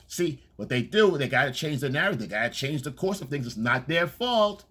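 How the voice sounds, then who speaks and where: A man's voice: a little high, sing-song, a little fast, hardly any pauses, a bit bright, breathy edge. A man giving a dating coach's casual monologue, blunt and profane, who keeps checking in with "okay?".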